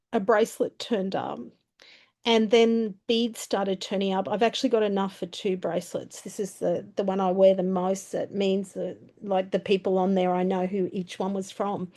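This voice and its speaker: A middle-aged woman presenting a webinar, telling personal stories in a chatty way full of fillers and restarts. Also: medium pitch. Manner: warm anecdotal, many fillers and restarts. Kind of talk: storytelling talk.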